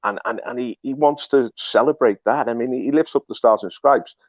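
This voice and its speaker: A man's voice: mid-range voice, a little fast, no room sound. A man hosting political commentary, talking emphatically and repeating himself. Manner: emphatic, repetitive, restarts often. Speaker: host. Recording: dull dry lo-fi recording.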